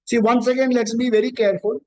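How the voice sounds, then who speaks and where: A man with a notably high voice leads a scripture talk. He explains patiently, circling back to repeat his key points. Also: little pitch movement, fast talker, darkish tone, rough recording. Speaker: spiritual teacher. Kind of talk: scripture discourse.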